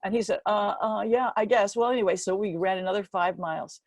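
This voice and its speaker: An older American woman giving a speech, telling a personal story in a lively way and acting out the quoted voices. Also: brisk, dry recording. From United States. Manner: lively storyteller, acts out quotes with animated jumps in pitch. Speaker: keynote speaker.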